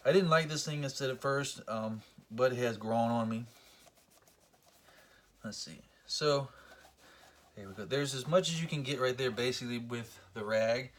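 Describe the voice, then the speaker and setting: A man's voice: medium pitch, measured pace, pauses often. A man giving a casual, joking how-to tutorial, talking to the camera while he works. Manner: joking, self-deprecating, talks while working. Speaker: collector demonstrating belt cleaning.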